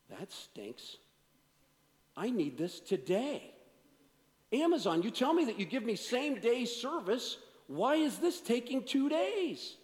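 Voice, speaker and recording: A man preaching a sermon as a pastor, swinging from energetic to hushed delivery. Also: medium pitch, big-room sound.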